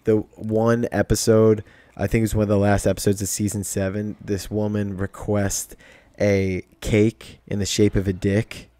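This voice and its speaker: A man hosting a podcast in a relaxed chat, with a fairly low voice. He tells stories animatedly and swears freely. The sound is dry and close. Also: moderate pace, no echo. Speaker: podcast host. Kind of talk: casual chat.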